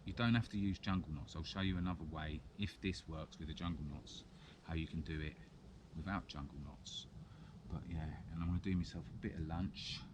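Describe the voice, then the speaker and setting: Low-voiced, chatty man outdoors. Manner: rambling and chatty, with frequent chuckles. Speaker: bushcraft vlogger. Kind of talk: casual outdoor chat and demonstration. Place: woodland outdoors. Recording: outdoor background noise.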